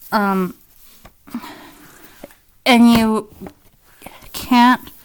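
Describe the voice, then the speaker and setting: A woman giving a casual drawing tutorial, rambling with fillers and soft asides. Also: mid-range voice, smooth.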